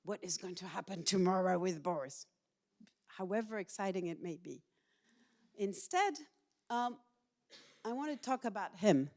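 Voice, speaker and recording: Middle-aged woman giving an animated lecture. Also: medium pitch, normal speed, pauses often. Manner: animated and personal, asks the audience questions. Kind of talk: public university lecture. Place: lecture hall with a student audience.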